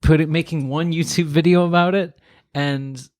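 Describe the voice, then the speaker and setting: A man's voice: a little high, fairly even intonation, moderate pace, darkish tone. A man co-hosting a podcast who talks earnestly and with enthusiasm. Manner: earnest, enthusiastic, with fillers and restarts. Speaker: podcast co-host. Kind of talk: casual podcast chat.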